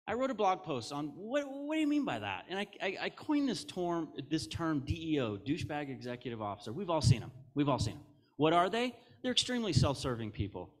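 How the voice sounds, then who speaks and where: A middle-aged American man giving a conference keynote on stage, candid and jokey, telling stories with quoted asides. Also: fairly high pitch. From United States. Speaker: keynote speaker.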